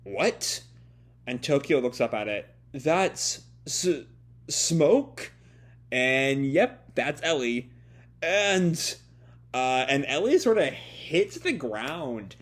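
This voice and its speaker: Brief: male reviewer, mid-pitch, halting casual commentary full of "uh" and "kind of.". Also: sing-song, fairly bright tone. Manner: hesitant, many fillers and restarts. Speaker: manga reviewer. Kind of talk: casual live reading commentary.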